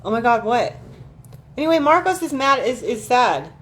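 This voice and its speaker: A woman's voice: on the high side, big pitch swings, normal speed, a bit bright. A woman chatting casually with her viewers on a livestream, rambling and swearing freely as she gossips and answers the chat. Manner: reacts to chat messages. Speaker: livestream host.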